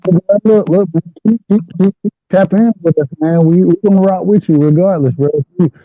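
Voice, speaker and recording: Male host, hyped, stammers, raised pitch, tinny phone line. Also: a little fast, dry recording, soft background music. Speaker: boxing show host. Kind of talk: casual chat.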